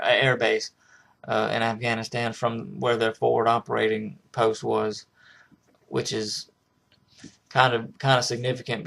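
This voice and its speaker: A man talks through a film in a loose, rambling recap, restarting his sentences as he goes. His voice is gravelly and stays fairly flat in pitch, sitting in an ordinary middle register. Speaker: film reviewer. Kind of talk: casual spoken film recap.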